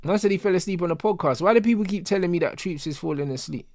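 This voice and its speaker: A man's voice: high voice, fast, darkish tone, no room sound, clean studio sound. A young man, chatting casually and animatedly in heavy slang as a stream host. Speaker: host of a football watch-along stream.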